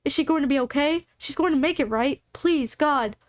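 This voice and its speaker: A woman's voice: high-pitched, moderate pace, no echo, studio quality, close to an everyday voice. A woman voicing a distraught middle-aged father who speaks tenderly and pleadingly.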